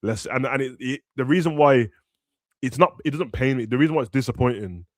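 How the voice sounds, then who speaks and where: Young male football podcast host, animated slang, dry close sound. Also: mid-range voice, fairly quick, no echo. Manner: animated, slangy, acts out players in raised voices. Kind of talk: casual football chat.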